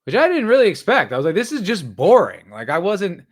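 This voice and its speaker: Male podcast host, young adult, slightly high voice, sarcastic rambling solo commentary. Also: wildly swooping pitch, fairly quick.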